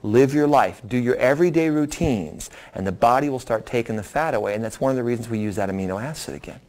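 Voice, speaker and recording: A middle-aged man, a doctor, explains a program to a seminar audience and answers their questions in a lively, folksy way, acting out quotes. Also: mid-range voice, fast talker. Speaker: doctor presenting a weight loss program.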